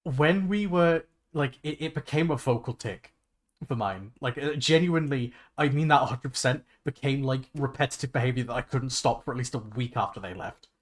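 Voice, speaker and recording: A young man chatting casually on a livestream while he plays a game, rambling and excitable, swearing freely and restarting his sentences. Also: mid-range voice, normal speed. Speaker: VTuber streamer. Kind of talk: casual gaming livestream chat.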